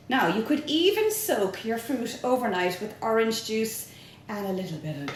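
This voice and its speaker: High-voiced, jokey Irish woman baking. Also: big pitch swings, normal speed, recorded from a distance, a little hiss or hum. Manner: playful, jokey, sing-song asides. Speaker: home baking vlogger. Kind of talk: chatty cooking demonstration. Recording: echoey room.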